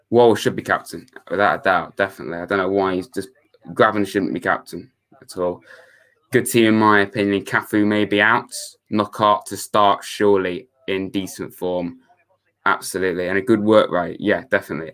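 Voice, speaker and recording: A man's voice: fairly low pitch, a bit bright. A young man chatting casually to his viewers on a live stream, reading out their messages. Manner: chatty, reads chat messages aloud, laid-back.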